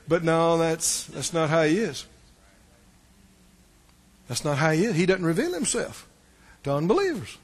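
A man's voice: a little high, lively intonation, unhurried, long pauses, slightly rough. A pastor preaching a sermon, emphatic and questioning his listeners. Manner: emphatic, asks the congregation questions.

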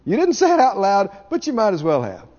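A man's voice: high-pitched, huge pitch swings, fairly quick, a little mellow. A man preaching a sermon as a pastor, speaking emphatically, repeating key words and mimicking people with a laugh. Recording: dull reverberant hall recording.

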